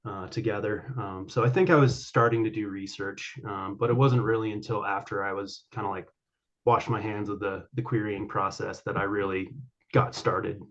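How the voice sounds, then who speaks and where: Man, author guest, hesitant, lots of ums, lowish voice, muffled lo-fi audio. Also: steady tone, normal speed, fairly bright tone. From Colorado. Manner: hesitant, many fillers and restarts. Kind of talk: interview answers.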